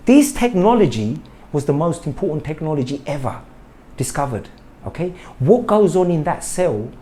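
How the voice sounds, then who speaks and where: A man's voice: fairly high pitch, darkish tone. A middle-aged man, talking indignantly to camera about health and firing off rhetorical questions, repeating himself for emphasis. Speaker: health vlogger. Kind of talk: impassioned monologue to camera.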